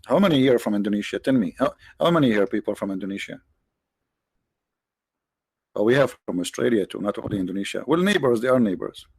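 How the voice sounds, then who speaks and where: A man's voice: on the low side, lively intonation, fast, darkish tone, slightly rough, no room sound, studio quality. A man hosting a live religious talk, joking and sarcastic, rambling to his viewers. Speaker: online show host.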